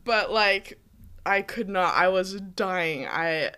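A woman's voice: mid-range voice, expressive, takes it slowly, pushed and bright, slight background noise. A woman in her twenties from the United States, a teacher, telling a rambling story in casual chat with lots of fillers. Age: 20s.

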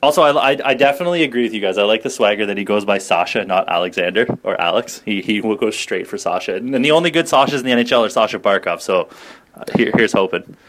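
A man co-hosting a casual podcast chat, joking and animated, often laughing between quick asides. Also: lowish voice. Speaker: podcast co-host.

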